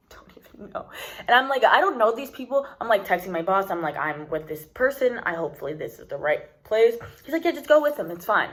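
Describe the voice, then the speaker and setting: A woman's voice: medium pitch, a bit bright. A young woman from the United States telling a rambling, casual story to the camera, full of "like" and "literally". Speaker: vlogger.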